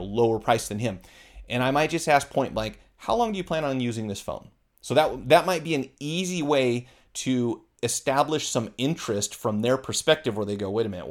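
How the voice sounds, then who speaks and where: A man who runs a phone repair shop, giving casual business advice and acting out customer exchanges, with plenty of fillers. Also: mid-range voice. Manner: conversational, acts out customer dialogue with fillers. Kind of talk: casual instructional talk.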